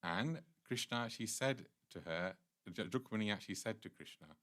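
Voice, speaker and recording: Low-voiced man giving a devotional class. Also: expressive, fast talker, few pauses, a bit bright. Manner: earnest, retelling scripture stories at length. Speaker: temple class speaker.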